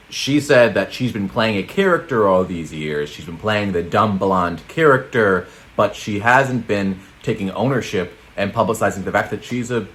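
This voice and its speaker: A man's voice: lowish voice, fairly bright tone. A man co-hosting a comedy news show, chatting casually in a rambling, jokey way and laughing often.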